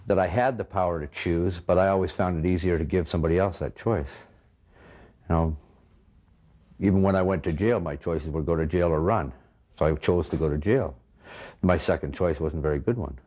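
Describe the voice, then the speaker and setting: A former inmate tells his own story plainly and reflectively. His voice is very deep and dark. The recording sounds dull and lo-fi, with faint music underneath. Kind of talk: personal testimony.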